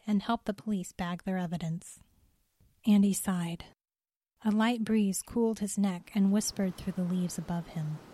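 A woman telling a story in calm, measured scripted narration. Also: mid-range voice, dry recording, clean studio sound.

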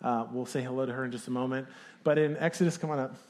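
A man's voice: mid-range voice, steady tone, fast, a little mellow. A man preaching a sermon as pastor, talking in a casual, conversational way with fillers.

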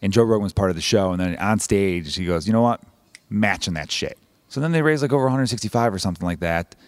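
A man's voice: deep voice, rapid-fire, a little mellow, no echo. A man hosting a podcast, talking in a casual, rambling, wry comedic monologue full of swearing. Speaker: podcast host.

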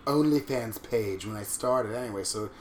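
A man's voice: fairly low pitch, normal speed, roomy sound, slight background noise. A man in his thirties from Long Island, with a Long Island accent, cracking crude, playful jokes in casual chat while he signs up for a website. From Long Island, New York. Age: 30s. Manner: crude, playful, campy wisecracks. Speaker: host signing up for a website.

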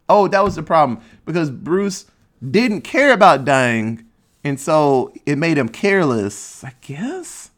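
A man's voice: on the high side, fairly bright tone. A man casually recapping a movie plot in a rambling, sarcastic way, swearing freely.

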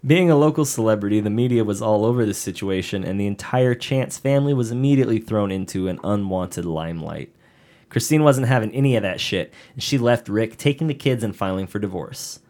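Low-voiced man narrating a podcast case. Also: lively intonation, fairly quick, a little mellow. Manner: casual, joking asides while reading a story. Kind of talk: casual podcast chat with read narration.

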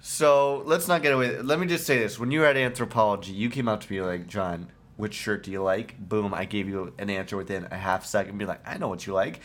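A man's voice: on the low side, fast talker, hardly any pauses, a bit bright. A man co-hosting a casual podcast chat, telling a story with goofy jokes. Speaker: podcast co-host.

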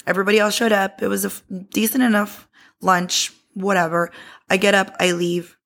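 A woman's voice: mid-range voice, little pitch movement, fairly quick, a bit bright. A woman in her thirties hosting a podcast, telling a story from her own life in a casual, candid way and swearing freely. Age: 30s. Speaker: podcast host.

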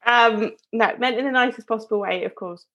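A woman's voice: fairly high pitch, brisk, a bit bright, muffled recording. A woman co-hosting a podcast, telling a story in a chatty, rambling way with frequent laughs. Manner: chatty, rambling, self-interrupting, laughs often. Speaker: podcast co-host. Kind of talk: casual storytelling chat.

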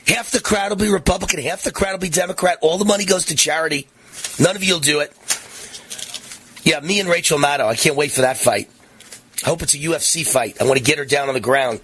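A man's voice: a little high, fairly quick, a bit bright, slight background noise. A man in his sixties hosting a political talk radio show, combative and mocking, his voice rising into sing-song taunts. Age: 60s.

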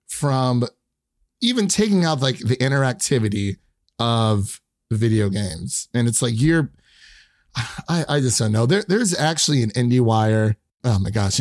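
A man's voice: mid-range voice, darkish tone, dry recording, studio quality. A man co-hosting a casual movie review chat, hesitant and often restarting his sentences. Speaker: podcast co-host.

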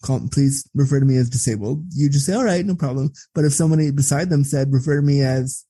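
A man talking as an interview guest, blunt and profane, telling stories in a candid, animated way. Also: medium pitch, fast talker, slightly rough, dry recording. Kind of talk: candid conversational storytelling.

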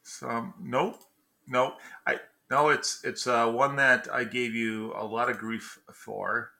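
A man's voice: mid-range voice, little pitch movement, slow, gravelly, bright, forceful tone. A man co-hosting a podcast in casual chat, chatty, often stumbling and correcting himself. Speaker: podcast co-host.

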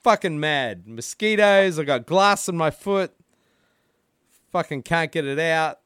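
A man in a casual chat, ranting loudly and swearing freely. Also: on the high side, animated, unhurried, clean tone, no echo, studio quality. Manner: profane, ranting.

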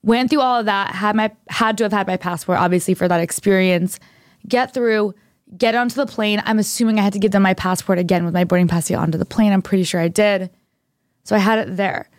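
A woman's voice: mid-range voice, fairly even intonation, quick pace, no room sound, clean studio sound. A young woman co-hosting a podcast, rambling through a story in a dramatic, casual way. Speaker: podcast co-host. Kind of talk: casual chat.

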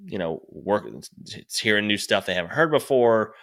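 A man with a low-set voice and a bright, forceful tone tells stories in a loose podcast chat. He rambles, restarts his sentences, swears freely and laughs through his own stories. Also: expressive, moderate pace. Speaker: stand-up comedian guest.

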